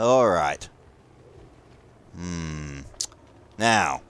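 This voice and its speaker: A man with a New Zealand accent and a smooth, mid-range voice gives casual, profane commentary over a war game. He keeps up a wry running banter, grumbling at his teammates.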